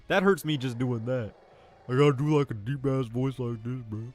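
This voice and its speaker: A man's voice: mid-range voice, vocal fry, dry recording. A young man live-streaming a video game, chatting casually and profanely and calling everyone "bro.". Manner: chatty and profane, says "bro" constantly, often laughs. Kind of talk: casual gaming commentary. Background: faint game music.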